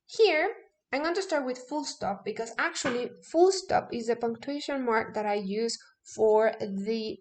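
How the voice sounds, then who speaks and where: Lively woman teacher checking in often. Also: fairly high pitch, unhurried. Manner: lively, stresses key words, many "okay?" checks. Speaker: English teacher. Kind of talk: casual classroom lesson.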